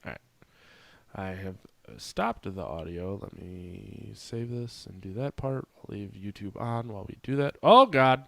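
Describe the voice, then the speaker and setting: A man's voice: fairly low pitch, expressive, a little slow, vocal fry, a bit bright, no room sound. A man hosting a podcast in casual chat, rambling and swearing loosely as he wraps up the show. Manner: loose, profane, rambling asides. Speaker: podcast host.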